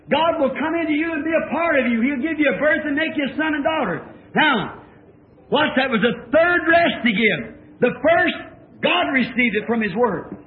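An older man preaching a fervent sermon that rises to shouts. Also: very high voice, expressive, moderate pace, roomy sound. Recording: tinny old lo-fi tape, congregation faint.

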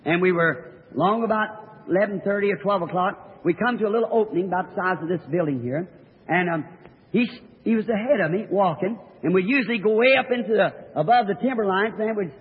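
A man's voice: sits high, brisk. A man preaching, telling a story in a sermon with folksy rural grammar and earnest emphasis. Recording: old tinny recording of a reverberant hall.

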